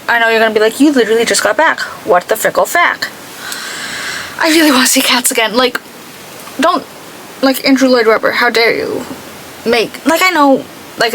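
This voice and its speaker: A woman's voice: fairly high pitch, bright, forceful tone, a little hiss or hum, poor audio. A young woman chatting casually while doing her makeup, rambling and full of "like". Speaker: beauty vlogger.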